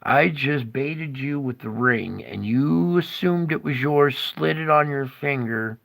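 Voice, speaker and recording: A man's voice: medium pitch, slow pace, gravelly, a bit bright. A man voicing God as a smug, triumphant male deity taunting the devil. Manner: taunting, self-satisfied.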